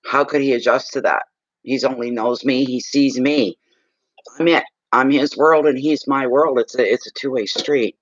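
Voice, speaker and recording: A man's voice: medium pitch, fairly even intonation, moderate pace, no echo, highs cut off. A man in his sixties, a psychic reader, chatting in a rambling, casual way on a livestream. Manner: rambling, chatty, talks while eating.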